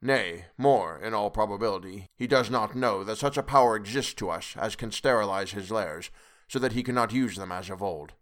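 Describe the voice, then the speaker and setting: A man's voice: lowish voice, a bit bright, close to an everyday voice. A man reading as a patient, wise old professor. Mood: measured. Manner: measured, deliberate, lecturing. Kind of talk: audiobook character reading.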